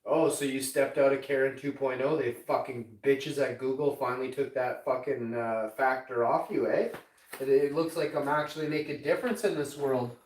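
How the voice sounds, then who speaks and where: A man's voice: mid-range voice, a little mellow, distant mic. Man in his 40s, swearing, rambling, mocking, roomy sound, away from the mic. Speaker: live streamer. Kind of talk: casual chat with an AI assistant.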